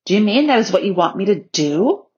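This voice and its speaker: A woman's voice: expressive, moderate pace, slightly rough. Woman voicing an eager young girl. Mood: eager, pleading. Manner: high, breathless and pleading. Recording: slightly dull lo-fi recording.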